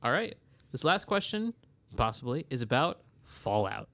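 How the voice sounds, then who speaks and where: A man's voice: medium pitch, sing-song, moderate pace, gravelly, fairly bright tone. A young man hosting a casual college radio show, chatty and giggly while running a trivia quiz. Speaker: radio show host, quizmaster.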